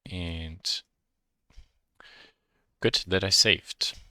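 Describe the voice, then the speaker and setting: Deep-voiced German-accented tutorial instructor. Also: male voice, fairly even intonation, extremely slow, sharp tone, dry recording, clean studio sound. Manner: thinks aloud, self-correcting. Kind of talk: software modeling tutorial.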